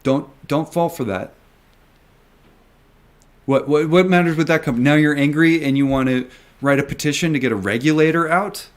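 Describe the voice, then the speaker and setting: A man's voice: fairly high pitch, moderate pace, pauses often. A man who invests in stocks, talking to his viewers in a video. He rants emphatically, repeats himself and swears often. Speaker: retail stock investor vlogger. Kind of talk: ranting video commentary.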